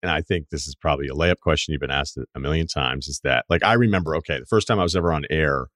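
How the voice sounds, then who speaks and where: A man with a very low voice hosts a sports podcast and tells casual stories at a quick clip. His delivery is loose and chatty. The mic is close and dry. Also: a bit bright, no room sound. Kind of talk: casual interview chat.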